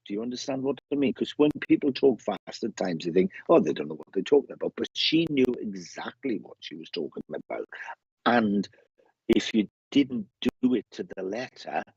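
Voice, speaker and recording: A man giving a live mediumship reading, chatty and halting, often restarting sentences as he passes on messages. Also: mid-range voice, wildly swooping pitch, gravelly, darkish tone, slightly rough, no echo, muffled recording. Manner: chatty, laughing, stumbling restarts, relays spirit messages.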